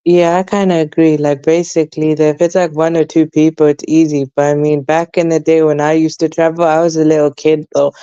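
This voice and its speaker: A man's voice: on the high side, level tone, brisk, hardly any pauses, dark tone, clear, resonant tone, no room sound, muffled recording. A young man with a London accent in casual chat, rambling and leaning on fillers like "basically" and "though.". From England. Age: young adult. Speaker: guest.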